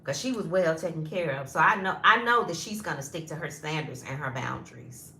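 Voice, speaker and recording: Woman, 50s, animated chatty vlogger, slightly low and bright voice, roomy echo. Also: brisk, vocal fry, slight background noise. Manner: chatty and animated, addresses viewers as y'all. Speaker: lifestyle vlogger. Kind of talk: casual storytelling vlog.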